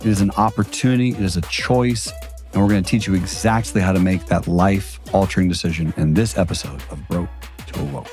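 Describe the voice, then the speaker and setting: A man's voice: low voice, brisk, over music. A man hosting a podcast, opening the episode and playfully prompting his guest for the story. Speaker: podcast host. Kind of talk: podcast intro and casual interview.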